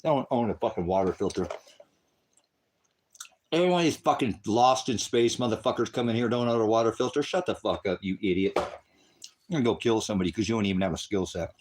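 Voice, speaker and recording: A man with a fairly low voice rants at his livestream chat, cursing and taunting viewers in a combative tone. He talks into a phone camera, partly outdoors on his rural farm. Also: lively intonation, a little fast, a little hiss or hum. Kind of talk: angry livestream rant at chat.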